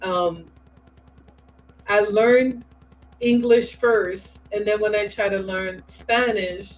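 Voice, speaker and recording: A woman from New York with a Bronx accent, a guest chatting in a soft, relaxed way on a livestream. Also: medium pitch, poor audio. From New York, family from Puerto Rico. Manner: slow, soft-spoken, relaxed. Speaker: guest commentator. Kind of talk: casual livestream chat.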